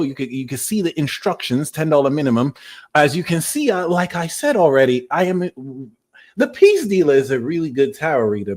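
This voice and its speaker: A man's voice: on the high side, a little mellow, pitched below the performer's own voice. A man voicing a cheeky, vain British tarot reader with a put-on British accent, playful and teasing during a live tarot reading. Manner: playful, teasing, mock-indignant.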